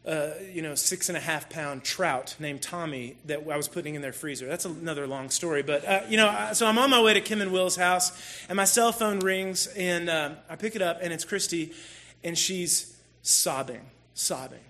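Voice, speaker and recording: A man with a high, crisp voice shares a personal story from the pulpit. He tells it in an animated, self-deprecating way, speaking directly to his listeners. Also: moderate pace. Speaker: church speaker.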